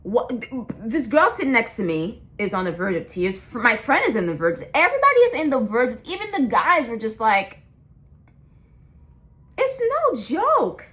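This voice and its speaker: A woman's voice: a little high, huge pitch swings, moderate pace, a bit bright. A young adult woman in a blunt, impassioned rant, slangy and full of repeats and restarts. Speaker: vlogger. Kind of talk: casual ranting monologue.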